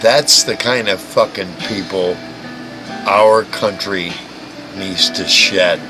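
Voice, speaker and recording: A man's voice: low-pitched, takes it slowly, low-quality recording. A man hosting a livestream, ranting and mocking in a crude, profane way, often stammering and restarting. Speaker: livestream host. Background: music playing.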